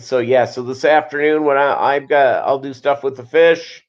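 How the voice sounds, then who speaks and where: A man's voice: medium pitch, steady tone, normal speed, muffled recording. A man hosting a casual livestream chat, rambling and jokey, with lots of fillers. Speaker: show host.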